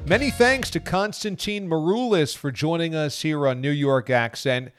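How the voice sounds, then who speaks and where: A man's voice: fairly high pitch, normal speed, faint music behind. A man hosting a podcast, chatting enthusiastically and casually like a sports fan. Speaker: podcast host.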